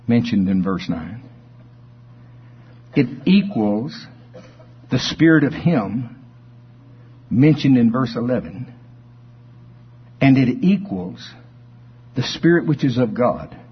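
A male preacher delivering a sermon, telling folksy stories and bursting into shouts of praise. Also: medium pitch, slightly rough, highs cut off.

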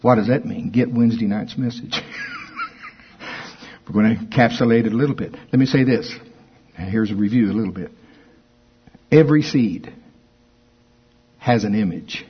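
Husky-voiced male preacher. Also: lowish voice, moderate pace, pauses often, dull audio. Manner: animated, swings from quiet to loud, quotes scripture. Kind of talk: sermon.

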